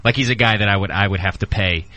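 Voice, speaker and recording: A man's voice: on the low side, fast talker, sharp tone. A man hosting a casual radio talk show from a studio, loose and joking, with many ums and uhs.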